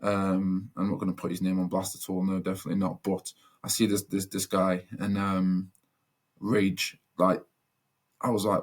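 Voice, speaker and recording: A man's voice: sits low, flat delivery, normal speed. A young man telling a personal story as a podcast guest, earnest and reflective, with many fillers and restarts.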